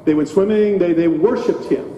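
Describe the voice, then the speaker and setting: A man's voice: high-pitched, moderate pace, warm tone, faint music behind. A man, a pastor, giving a children's sermon in a church, talking animatedly and asking the children questions. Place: church sanctuary. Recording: echoey hall, dull sound.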